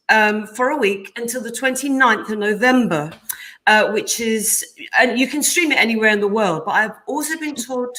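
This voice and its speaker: A woman with a British accent, a guest answering questions in a friendly, measured way over a video call. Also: fairly high pitch, bright, forceful tone. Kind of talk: casual interview.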